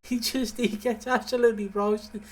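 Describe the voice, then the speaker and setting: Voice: mid-range voice, level tone, normal speed. A co-host on a podcast, amused, retelling soap scenes with mocking bits. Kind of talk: casual chat recapping a soap.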